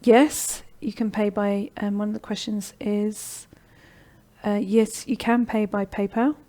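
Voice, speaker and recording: A middle-aged woman hosting a live online course session, pitching her program with encouragement and often checking in with "okay?". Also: fairly even intonation, measured pace, dark tone. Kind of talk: live-streamed sales pitch and Q&A.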